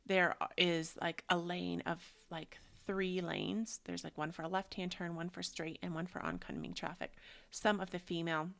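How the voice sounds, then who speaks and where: A woman yoga teacher hosting a book club, chatting loosely about energy and nature and guiding a meditation, often drifting into soft whispery asides. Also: on the low side, level tone, moderate pace, vocal fry. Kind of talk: casual spiritual reflection and guided meditation.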